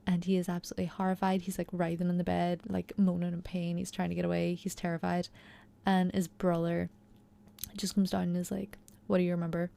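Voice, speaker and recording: Low-ish and mellow, this young woman's voice carries vocal fry and a completely flat delivery, moving a little fast. She's casually recapping and commenting on a TV episode, chatty and enthusiastic, with tons of "like" and "you know" sprinkled in.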